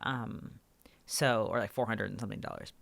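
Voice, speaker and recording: A woman co-hosting a podcast, telling a story in an animated, ranting way with swearing, close to her microphone. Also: extremely low pitch, normal speed, vocal fry, dry recording. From Canada. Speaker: podcast co-host. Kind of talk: casual podcast chat. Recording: dry close-mic sound.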